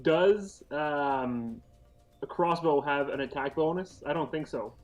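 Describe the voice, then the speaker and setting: A man's voice: fairly high pitch, slow pace, soft background music. A young man playing a tabletop game, hesitantly asking questions about the rules. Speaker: player. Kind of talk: casual tabletop game chat.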